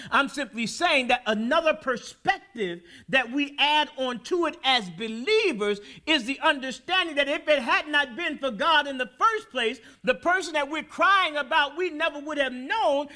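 A man preaching a sermon as pastor in a church, building to loud, shouted peaks. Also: very high-pitched. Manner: preaching with rising, shouted peaks and call-and-response. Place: church sanctuary.

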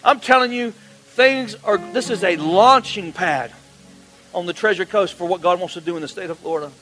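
Male pastor, bright sharp tone, call-and-response sermon. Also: sits high, normal speed, faint music behind, rough recording. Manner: call-and-response preaching, rising to shouts.

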